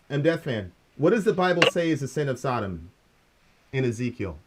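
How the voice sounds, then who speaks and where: A middle-aged man calling in to a talk show, calmly insisting on his argument and pressing the host with questions. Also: medium pitch, normal speed, noisy background. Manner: calm, insistent, probing questions. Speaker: caller. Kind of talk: call-in debate.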